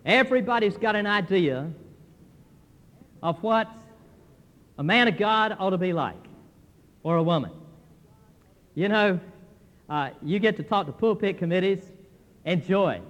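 Older preacher man, high voice, hall reverb. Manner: folksy, animated preaching with quoted voices and laughs. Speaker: pastor. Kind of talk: sermon.

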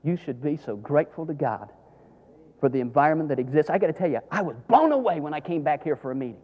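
A middle-aged man, preaching a sermon as a pastor, telling stories dramatically and swinging from hushed tones to shouts. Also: high-pitched, big pitch swings, fast. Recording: long hall reverb.

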